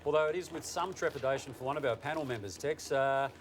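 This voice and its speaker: An Australian man hosting a TV football show, brisk and upbeat, teasing the panel. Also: medium pitch, a little hiss or hum. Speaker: host.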